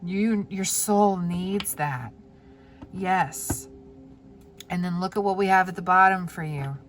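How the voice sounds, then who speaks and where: A woman giving a pick-a-card tarot reading in a gentle, heartfelt way. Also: lowish voice, slow, faint music behind. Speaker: tarot reader.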